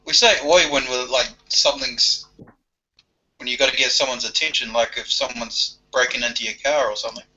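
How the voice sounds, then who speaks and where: A man from New Zealand chatting casually in an online hangout, relaxed and chatty. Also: mid-range voice, brisk, slight background noise. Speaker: hangout participant. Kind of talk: casual chat. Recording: muffled online call audio.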